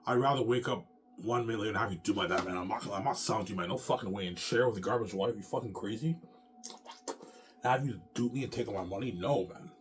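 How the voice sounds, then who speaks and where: Agitated low-voiced man ranting profanely. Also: quick pace, a little hiss or hum. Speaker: channel host. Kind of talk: profane rant to camera.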